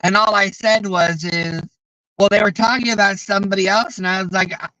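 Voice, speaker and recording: A man's voice: sits high, fairly even intonation, a little fast, sharp tone, no echo, highs cut off. A man telling stories in a casual, profane and exasperated way, rambling with restarts. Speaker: streamer. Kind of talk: casual storytelling chat.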